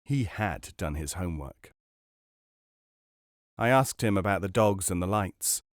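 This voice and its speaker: Man, audiobook narrator, measured and expressive, lively pitch, dry close recording. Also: dry recording. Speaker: podcast narrator. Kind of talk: audiobook reading.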